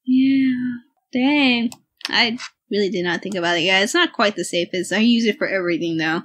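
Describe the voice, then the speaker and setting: A woman's voice: mid-range voice, moderate pace, a bit bright. A woman co-hosting a casual podcast, telling stories in a giggly, chatty way with lots of fillers. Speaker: podcast co-host. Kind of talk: casual chat.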